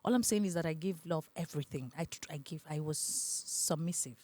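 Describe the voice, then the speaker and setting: In a casual podcast conversation, a young adult woman speaks fairly quickly in a low-sitting voice with a Nigerian accent as she recounts her story. Full of laughter and energy, she performs the voices of the people she quotes.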